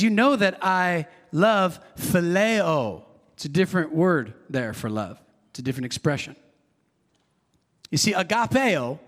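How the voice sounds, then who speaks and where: A man's voice: on the high side, in a large hall. A man preaching a sermon as pastor, earnest and conversational, repeating himself and adding asides.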